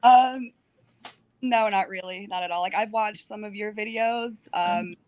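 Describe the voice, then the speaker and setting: A woman who is a guest on a live stream, hoarse from losing her voice, answering briefly and hesitantly. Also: medium pitch, measured pace, darkish tone, highs cut off.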